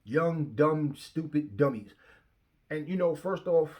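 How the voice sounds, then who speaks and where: A man's voice: on the high side, expressive, takes it slowly, a little mellow. Profane, fiery young man ranting. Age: young adult. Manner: confrontational, profane, repeats himself. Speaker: channel host. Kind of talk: heated rant to camera. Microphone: phone facing him.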